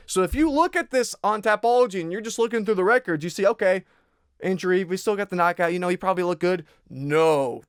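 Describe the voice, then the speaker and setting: Brief: young male fight-pick host, blunt and profane, slightly high voice, dry close sound. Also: smooth, no echo. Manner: blunt, profane, rambling with restarts. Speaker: MMA betting analyst host. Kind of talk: casual fight breakdown.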